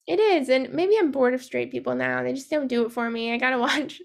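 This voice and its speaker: A young woman with a high voice and a gravelly edge, chatting casually as a podcast co-host. She recaps a film in loose, profane talk full of asides and acts out what the characters say. She sounds relaxed and talkative. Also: brisk. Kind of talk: casual chat recapping a movie.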